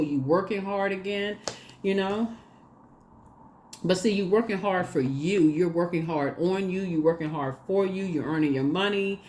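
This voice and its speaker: A woman with a lower voice giving a relaxed tarot reading to camera. She talks in a chatty, animated way, laughs often, repeats herself and speaks directly to her viewers. A faint hiss sits behind her. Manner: addresses viewers directly and casually. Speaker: tarot reader.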